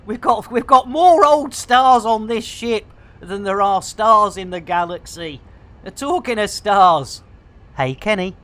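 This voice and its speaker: A woman streaming live, chatting casually in a bubbly, jokey way, with bursts of shouting and laughter. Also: mid-range voice, lively intonation, a little slow.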